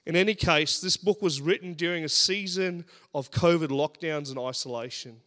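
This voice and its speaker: An Australian man in his thirties preaching a sermon, telling stories in an animated, humorous way. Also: a little high, normal speed.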